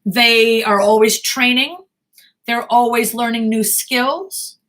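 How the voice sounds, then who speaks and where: An American woman talks straight to aspiring actors in a live question-and-answer session, blunt and emphatic. Her voice sits a little high and rings bright and forceful. She drives her points home with repetition and plain words. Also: slow pace. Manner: blunt, emphatic, animated advice-giving. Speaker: talent manager and acting coach.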